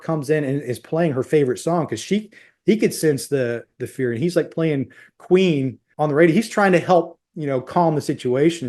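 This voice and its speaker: A man's voice: medium pitch, darkish tone. A man in his thirties, a guest on a podcast, intensely telling a personal story and acting out what others said. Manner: intense, quotes others in their voices while retelling.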